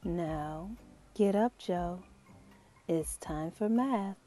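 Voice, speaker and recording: A woman voicing a kindly, patient old mummy teacher who speaks in rhyme, slow and teacherly, for a storybook reading. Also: on the low side, mellow, soft background music. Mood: rhyming.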